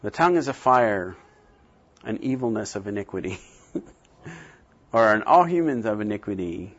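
A man giving a classroom lecture on translation, animated, often acting out little scenes with sudden jumps in pitch. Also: normal speed, husky, dull audio. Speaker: teacher.

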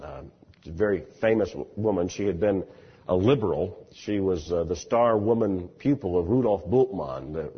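A man's voice: fairly low pitch, husky. A man preaching an expository sermon in a conversational, storytelling way, often repeating words as he starts a phrase. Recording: dull recording in a large reverberant hall.

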